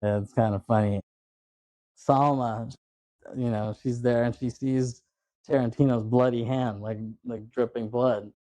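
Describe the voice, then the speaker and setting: A man's voice: medium pitch, steady tone, a little slow, mellow, no echo. A man hosting a casual movie podcast, retelling scenes loosely and laughing as he acts out the characters' lines. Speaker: podcast host.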